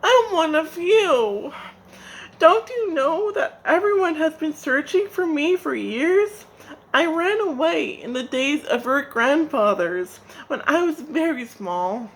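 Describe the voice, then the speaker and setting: Storybook trickster spider, male, sly and whiny, high and wailing, as a woman reads it. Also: expressive, slow, exaggerated voice, poor audio. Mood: pleading. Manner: high wailing pleas and shrieks.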